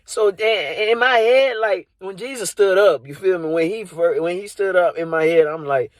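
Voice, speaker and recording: A man's voice: high-pitched, moderate pace, hardly any pauses, no room sound. A man doing improvised comedy from inside a car, rambling and leaning on "you know" and "like". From Dallas area.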